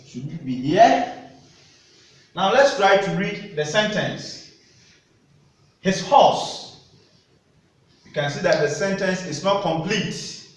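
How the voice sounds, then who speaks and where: Slow, high-voiced man teaching children. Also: animated. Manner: slow, deliberate teacher talk with questions to children. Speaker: primary school teacher. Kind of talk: recorded classroom lesson. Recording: echoey room, voice from a distance.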